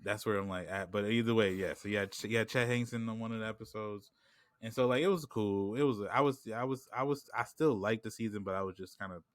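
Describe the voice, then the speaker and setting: Deep-voiced man rambling on a podcast. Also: a little fast, no echo. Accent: New York. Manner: rambling, lots of "like" and "you know what I'm saying". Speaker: podcast co-host. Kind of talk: casual chat.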